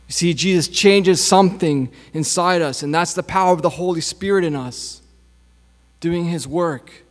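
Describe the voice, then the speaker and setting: A man preaching a sermon as pastor, with a slow, repetitive preaching cadence. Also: fairly high pitch. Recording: long hall reverb.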